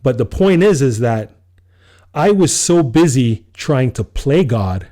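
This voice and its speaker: A man's voice: mid-range voice, expressive, slow, dark tone. A man co-hosting a podcast, telling a personal story in casual chat, acting out his own quoted lines and laughing often. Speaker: podcast co-host.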